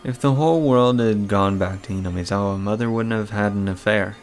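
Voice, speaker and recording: A man reading aloud the lines of a troubled young girl haunted by a curse, in a mostly plain, low voice. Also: a little fast, faint music behind, lightly acted. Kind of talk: reading a visual novel aloud.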